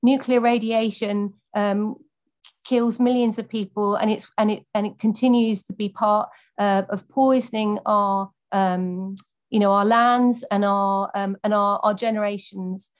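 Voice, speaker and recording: A woman's voice: medium pitch, steady tone, unhurried. Earnest woman campaign speaker. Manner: earnest, many fillers when answering off the cuff. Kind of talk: prepared political speech and answering questions.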